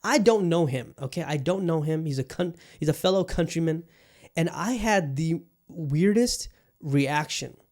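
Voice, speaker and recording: A man's voice: a little high, lively intonation, measured pace, a little mellow. A man in his thirties from Bangladesh, a podcast host telling a story in a casual, rambling way, swearing freely and leaning on fillers. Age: 30s. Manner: profane, rambling, frequent fillers.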